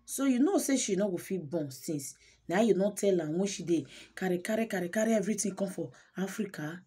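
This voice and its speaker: A woman's voice: mid-range voice, animated, a little fast, mellow, husky. A woman with a Nigerian accent telling a story on her channel in an emotive way, mixing Pidgin with English and repeating words for emphasis. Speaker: channel host. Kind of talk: casual storytelling vlog.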